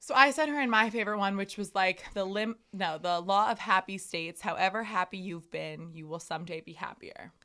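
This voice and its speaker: A woman's voice: medium pitch, brisk, hardly any pauses, pushed and bright. A young woman co-hosting a podcast, talking candidly in casual chat, swearing freely and laughing often. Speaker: podcast co-host.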